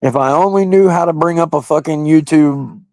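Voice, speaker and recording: A man's voice: on the high side, moderate pace, a little mellow, no echo. A man hosting a casual livestream, chatting loosely and crudely with viewers and often laughing. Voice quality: gravelly. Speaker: livestream host. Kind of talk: casual live-stream chat with viewers.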